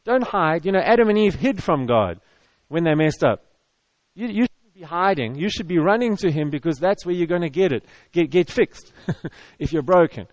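High-voiced man preaching a casual sermon. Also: lively intonation, moderate pace, no room sound. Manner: conversational, repetitive, with stammered restarts. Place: church hall with audience.

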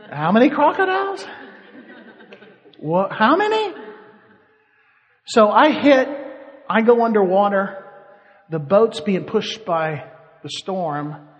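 A man preaching, telling a lively story with animation and frequent laughter. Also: fairly high pitch, in a large hall. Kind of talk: sermon storytelling.

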